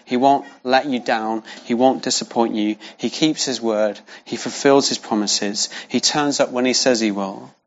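A man's voice: medium pitch, fairly even intonation, normal speed, few pauses. A man preaching a sermon in a conversational way, repeating key phrases for emphasis. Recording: dull lo-fi sound.

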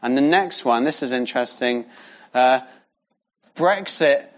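Man, conversational sermon, repeats phrases, middle pitch, muffled recording. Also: measured pace, fairly bright tone. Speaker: preacher. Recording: dull lo-fi sound.

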